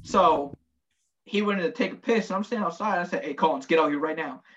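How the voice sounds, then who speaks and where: A former Marine telling profane, lively war stories in casual chat, acting out the quotes. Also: male voice, a little high, fast talker, muffled recording. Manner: profane, animated storytelling with acted quotes.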